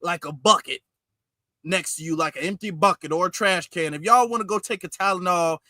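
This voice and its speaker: A man's voice: sits high, fairly quick, pushed and bright, dry recording, clean studio sound. A man hosting a reaction video, talking back at a clip in a mocking, exasperated way. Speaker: reaction channel host. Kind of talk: casual reaction commentary.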